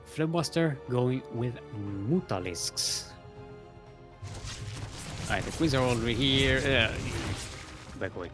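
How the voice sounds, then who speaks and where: A man's voice: mid-range voice, slow pace, long pauses, fairly bright tone, soft background music. A man casting a live strategy game match, chatty and self-mocking with trailing fillers. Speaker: esports caster.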